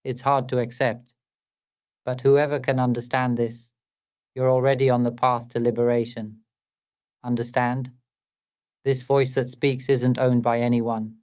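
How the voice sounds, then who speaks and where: A spiritual teacher gives a meditative dharma talk, calm and measured, in a mid-range voice with a flat, even delivery. He asks many rhetorical questions.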